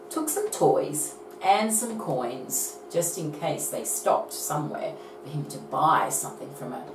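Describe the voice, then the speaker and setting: A woman's voice: low-pitched, noisy background. A woman teaching phonics to young children, telling a story and coaxing them to join in. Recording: roomy echo from a distance.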